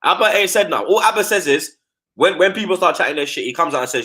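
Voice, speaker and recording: A man's voice: on the high side, lively intonation, fast, sharp tone. A man, a football fan pundit chatting casually on a live stream. He talks in heavy slang and keeps tagging his lines with "blood" and "you get me".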